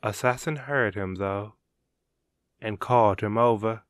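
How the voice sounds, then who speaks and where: A man narrating a dramatic story in a measured, unhurried way. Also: lowish voice, dry recording, studio quality. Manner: slow and measured, gravelly.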